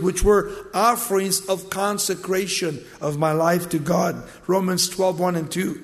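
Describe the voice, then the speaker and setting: Brief: high-voiced male preacher, dramatic storyteller, recorded in an echoing church hall. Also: steady tone, normal speed, few pauses. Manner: storytelling, dramatic swings from loud to hushed. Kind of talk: sermon. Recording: long hall reverb.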